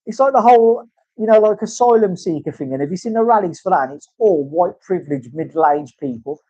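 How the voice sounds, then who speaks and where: A man's voice: high voice, animated, fairly quick, mellow, no room sound. A man in casual chat, rambling and swearing through banter in a tattoo studio. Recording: dull, dry lo-fi sound.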